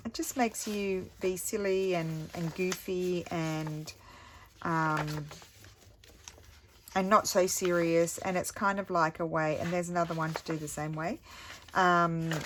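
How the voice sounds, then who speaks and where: A woman's voice: lowish voice, a bit bright, slight background noise. A middle-aged woman chatting casually as she crafts, thinking aloud and poking fun at herself. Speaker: craft vlogger. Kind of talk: casual crafting tutorial chat.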